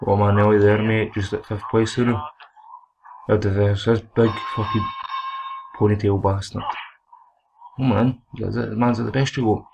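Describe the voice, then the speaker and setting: A young Scottish gaming channel host gives rowdy, sweary let's play commentary while playing a boxing game, with loud game audio and clicking behind him. His gravelly voice is on the low side, with little pitch movement, a moderate pace, and long pauses.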